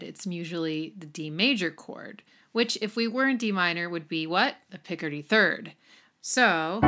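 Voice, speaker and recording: A woman explaining music theory in a lively way, counting beats aloud and now and then singing short snippets. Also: medium pitch, normal speed. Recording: music playing behind the voice.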